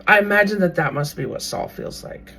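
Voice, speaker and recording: A podcast host retelling a Bible story in a casual, animated way, now and then acting out what the characters might think. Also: medium pitch, brisk, creaky, a little hiss or hum. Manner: animated, briefly acts out characters' thoughts.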